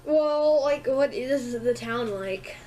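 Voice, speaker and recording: Female player, hesitant, slightly high voice. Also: slow pace, warm tone, low-quality recording. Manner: hesitant, lots of ums and likes. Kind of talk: casual tabletop play.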